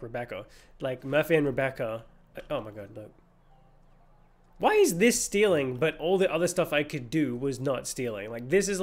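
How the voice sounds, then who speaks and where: A man streaming a game, rambling and joking through casual commentary with many fillers. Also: mid-range voice.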